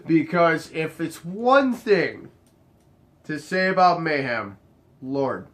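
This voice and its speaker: A young man casually telling a bartending story, acting out each exchange with sudden jumps up in his voice. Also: slow pace. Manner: animated, acts out the dialogue, jumps high in pitch when quoting others.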